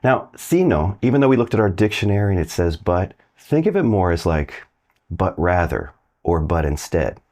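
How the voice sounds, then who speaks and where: Male tutor, low voice, friendly casual classroom patter. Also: big pitch swings, moderate pace, a little mellow. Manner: friendly, chatty, asks viewers to try translating. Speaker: Spanish teacher. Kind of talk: casual online language lesson.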